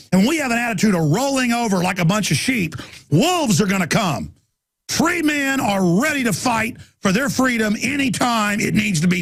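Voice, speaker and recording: A man hosting a talk radio show, ranting in a loud, aggressive, rapid-fire way. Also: high voice, gravelly, husky.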